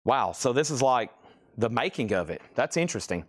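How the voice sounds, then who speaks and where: A man's voice: mid-range voice, animated, brisk. A man hosting a live-stream vinyl auction, chatting, joking with buyers and calling out prices and bids, and out of breath from hauling crates.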